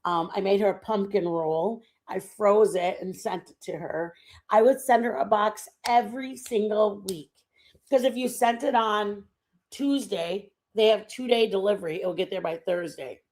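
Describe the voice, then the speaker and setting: A woman's voice: medium pitch, normal speed, darkish tone. A middle-aged woman hosting a casual livestream, telling rambling home stories with lots of fillers. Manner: rambling, chatty storytelling with many fillers. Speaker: livestream host. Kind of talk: casual chat.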